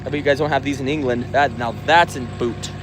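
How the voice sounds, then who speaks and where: A young man casually chatting on a livestream at night outdoors, reading viewer comments in a relaxed, slangy way. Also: mid-range voice, quick pace, noisy background. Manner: laid-back, slangy, reads comments aloud. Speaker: livestream host reading chat. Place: outdoors at night on a work site.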